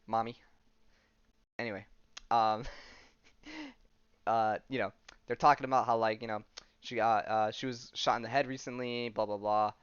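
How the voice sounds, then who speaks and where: A man's voice: medium pitch, a little slow, pauses often, fairly bright tone, smooth, dry recording, lo-fi sound. Rambling, swearing male podcaster. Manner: rambling, swearing, acts out the characters. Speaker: podcast host. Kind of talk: casual comic recap.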